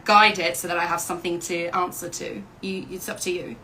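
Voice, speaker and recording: A woman's voice: lowish voice, level tone, brisk, over a noisy crowd, rough recording. A woman voice actor chatting casually on a livestream panel, friendly and easygoing. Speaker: voice actor guest.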